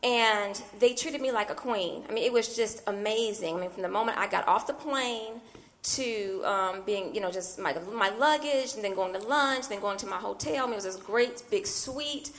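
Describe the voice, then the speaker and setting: A woman's voice: mid-range voice, normal speed, a bit bright, slight background noise. A woman minister preaching a sermon as a personal story, talking animatedly and often breaking in with "I mean" asides. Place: church.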